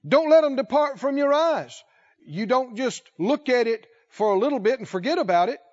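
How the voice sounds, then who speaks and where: A man preaching a sermon, speaking slowly and emphatically, drawing out key words and putting questions to the congregation. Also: very high voice, big pitch swings, muffled recording.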